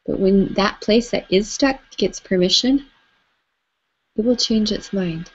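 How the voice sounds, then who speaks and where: A woman leading a live tapping session, gently coaching listeners through phrases for them to repeat. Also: mid-range voice, unhurried, husky. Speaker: EFT tapping facilitator. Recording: slightly dull lo-fi audio.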